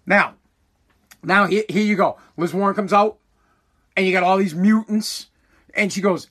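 A man's voice: high-pitched, fairly even intonation, moderate pace, pauses often, fairly bright tone. A man in a casual political rant, blunt, profane and heated.

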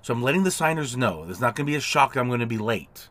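A man's voice: medium pitch, animated, fast, fairly bright tone, no room sound. A man hosting a solo podcast, explaining his work casually through examples and acted-out dialogue, often restarting his sentences. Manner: conversational, explains with repeated examples and quoted dialogue, frequent restarts. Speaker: podcast host, notary signing agent.

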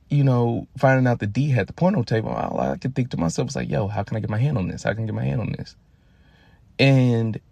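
Podcast host, man, 30s, from Louisiana; gravelly, profane, animated storyteller, dry close recording. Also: lowish voice, dry recording. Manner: profane, animated, addresses listeners directly. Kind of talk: casual storytelling monologue.

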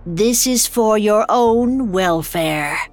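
A woman voicing a small, ageless ghost who speaks in a steady, calm voice in an audio drama story. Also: lowish voice, slow, creaky, soft background music, full character voice.

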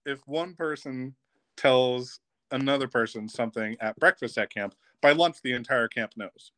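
A man tells a camp story on a podcast, lively and casual, often breaking into laughter. His voice sits at an ordinary male pitch. The sound is dry and close, with no room echo. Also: normal speed. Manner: lively, laughs while telling stories. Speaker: podcast guest, former camp counselor.

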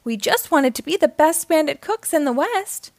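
A woman's voice: high voice, very animated, normal speed, a little mellow, dry recording, pitched above the performer's own voice. A woman voicing a bold female bandit in a children's storybook. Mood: excited.

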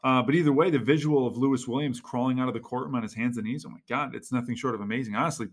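A man's voice: medium pitch, rapid-fire. A man hosting a history podcast, chatting with enthusiasm and reading quotes aloud. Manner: enthusiastic, reads quotes aloud then comments. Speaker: podcast host.

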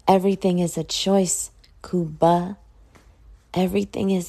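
A woman hosting her own podcast, just woken up and yawning, talking in a slow, reflective drawl with casual swearing. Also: fairly low pitch, little pitch movement, creaky, warm tone. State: sleepy, yawning. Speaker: podcast host. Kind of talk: casual solo podcast talk.

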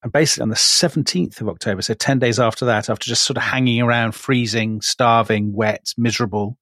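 A man's voice: medium pitch, fairly even intonation, quick pace, a bit bright, no echo. Man, podcast co-host, teasing storyteller, close dry studio sound. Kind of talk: casual history chat.

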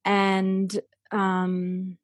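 A woman, a parent guest talking casually and haltingly, with many fillers. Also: mid-range voice, completely flat delivery, dry recording. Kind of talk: casual chat.

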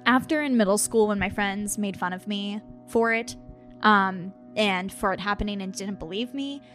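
A woman's voice: medium pitch, moderate pace, a bit bright, soft background music. A woman who hosts a podcast and works as a medium, telling a candid personal story in a casual way and laughing often.

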